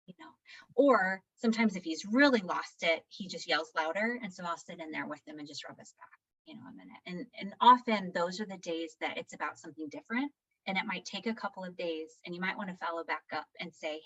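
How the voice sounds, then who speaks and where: Middle-aged woman, parenting guest, reflective, animated quotes, mid pitch. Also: brisk, poor audio. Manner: warm, reflective, acts out quotes with shifts in pitch. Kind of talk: answering audience questions.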